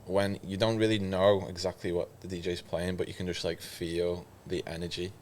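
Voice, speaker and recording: Man, deep voice, soft-spoken, hesitant, off-mic, faint noise. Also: little pitch movement, normal speed. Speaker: guest musician. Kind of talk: casual chat.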